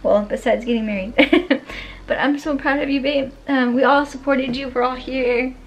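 High-pitched young woman vlogging at home, heartfelt and giggly. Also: fairly even intonation, normal speed, a little hiss or hum, rough recording. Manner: heartfelt, laughing between words. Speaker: vlogger and military spouse. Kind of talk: casual home vlog talk.

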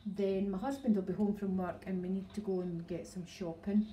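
The speaker is a middle-aged woman from Scotland, a dog breeder chatting casually on a home livestream through her phone, rambling and laughing often. Her voice is medium-pitched and dark-toned, with fairly even intonation and a moderate pace, over poor audio with a bit of hiss or hum.

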